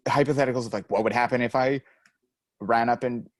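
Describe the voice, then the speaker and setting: A man's voice: mid-range voice, steady tone, a little fast, dry recording. A young adult man co-hosting a podcast, telling rambling stories in casual chat and laughing often. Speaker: podcast co-host.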